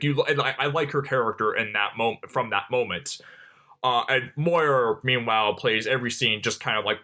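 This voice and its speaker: In a casual film discussion, this male podcast co-host rambles freely and leans on "like" as a filler again and again. His voice is mid-range, bright and forceful.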